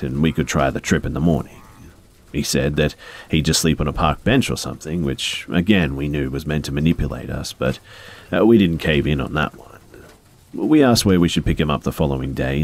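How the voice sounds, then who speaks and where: A man with an extremely low, deep voice narrates a personal story. He keeps an even, measured storytelling pace throughout. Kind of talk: scripted first-person story narration over gameplay.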